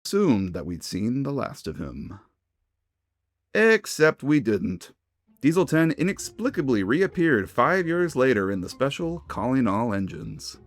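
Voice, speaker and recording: A man's voice: medium pitch, very animated, a little slow, no room sound. A man giving scripted, enthusiastic narration for a fan video essay. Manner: enthusiastic, conversational fan commentary.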